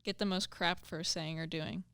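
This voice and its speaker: A woman's voice: on the low side, steady tone, normal speed, gravelly, fairly bright tone, clean tone, no room sound, studio quality. A woman co-hosting a casual podcast, giggling often and letting her sentences trail off. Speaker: podcast co-host.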